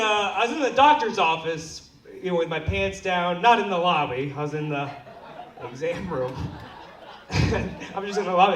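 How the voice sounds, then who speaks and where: A young man from Seattle performing a crude, self-deprecating stand-up set and playfully bossing the crowd into clapping. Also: on the high side. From Seattle, USA. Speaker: stand-up comedian. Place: comedy club stage. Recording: echoey club audio from far off.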